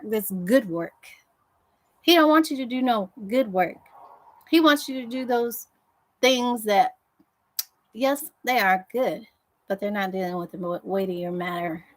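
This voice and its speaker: A woman's voice: medium pitch, low-quality recording. A woman preacher giving a devotional sermon in a fervent, conversational way, repeating phrases for emphasis.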